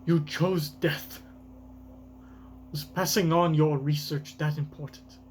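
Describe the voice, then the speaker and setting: A man voicing a grieving old male genius scientist, reading slowly with a put-on accent. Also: a little high, animated, slight background noise. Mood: bitter, grave.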